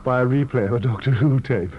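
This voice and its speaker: A man in his forties, an actor, talking expansively in a radio interview, full of animated anecdotes. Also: medium pitch. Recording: muffled 1970s radio archive with hum.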